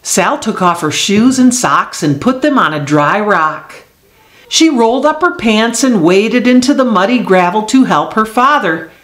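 A woman reads a picture book aloud, slow and unhurried. Her pitch rises and falls with the story. An echoey room surrounds her voice. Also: animated, a bit bright. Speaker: children's book reader.

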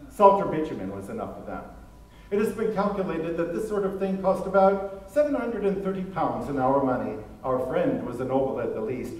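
A man's voice: fairly high pitch, a little mellow. A man doing a guarded, musing antiquities scholar. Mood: lecturing. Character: secretive, high-strung male scholar of antiquities. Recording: echoey room, voice far off.

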